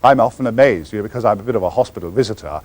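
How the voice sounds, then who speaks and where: A man's voice: on the low side, rapid-fire, a little mellow. An older Englishman, answering audience questions in a wry, theatrical and meandering storytelling manner. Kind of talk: anecdotal audience Q&A.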